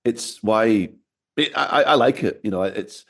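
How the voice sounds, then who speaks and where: A man's voice: lowish voice, measured pace, gravelly, fairly bright tone, breathy edge. A middle-aged man, a podcast guest telling wry anecdotes in casual interview chat. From Scotland, raised in Glasgow.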